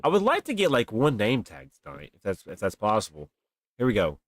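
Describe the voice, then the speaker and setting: Young guy streaming, animated and talking to chat, dry close mic sound. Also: on the low side, fairly quick, no echo. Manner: animated, talks to chat, grumbles and exaggerates. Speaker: livestreaming gamer. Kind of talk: casual live game commentary. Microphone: desk mic, webcam stream.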